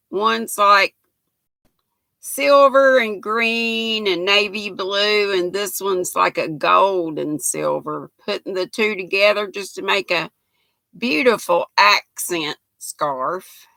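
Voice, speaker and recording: Chatty older woman, gravelly voice. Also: mid-range voice, bright, forceful tone, no echo. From United States. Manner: folksy, chatty, laughs often. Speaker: knitting livestream host. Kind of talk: casual livestream chat reading viewer comments.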